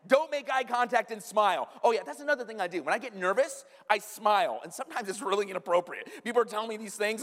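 A male pastor preaching a sermon, mixing scripture teaching with funny personal stories and quick questions to the congregation. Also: high voice, in a large hall. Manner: animated storytelling with humorous asides to the congregation. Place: church sanctuary.

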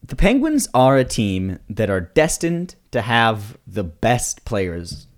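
A man from Canada co-hosting a comedy sports podcast, trading wry, deadpan quips. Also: fairly low pitch, slow. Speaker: podcast co-host. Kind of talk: casual comedic chat.

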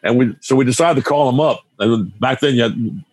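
A man's voice: mid-range voice, brisk, a little mellow, no echo. A man in his seventies from New Jersey, a musician telling a loose, rambling story in a casual interview, full of restarts and asides. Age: 70s. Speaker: musician guest.

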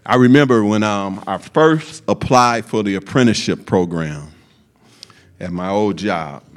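Casting: male preacher, unhurried deliberate delivery, emphatic, folksy asides to the congregation. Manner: slow, emphatic preaching with sudden high acted quotes and folksy asides. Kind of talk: sermon.

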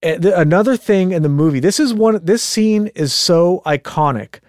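Animated, swearing man on a podcast. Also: sits high, moderate pace, no echo, clean studio sound. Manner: animated storyteller who swears and acts out quotes. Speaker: podcast co-host. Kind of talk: casual podcast chat.

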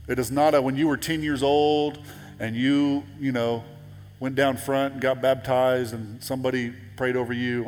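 A male pastor delivers a sermon in an easy, conversational way, repeating and restarting words before pushing up into emphatic peaks. His voice sits at a middle pitch and carries a long reverb from the church hall, with faint ambience underneath. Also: steady tone, moderate pace, a little hiss or hum. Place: church sanctuary.

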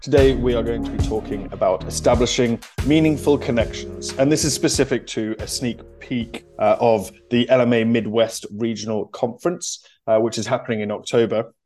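A man's voice: medium pitch, darkish tone. A man hosting a podcast interview, polite and welcoming, reading his introduction. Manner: polite, introduces guest from notes. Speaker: podcast host.

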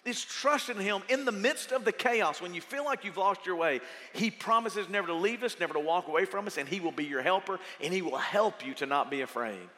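A middle-aged man preaching a sermon as pastor, telling stories with lively energy and shouting at the peaks. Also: high voice, a little fast, big-room sound. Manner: animated storytelling, shouting at peaks.

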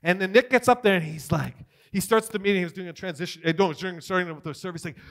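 A man giving a testimony sermon, telling his story with big swings between loud and hushed. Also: high voice, fast. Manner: animated storytelling, swings from shouting to near whisper. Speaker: preacher.

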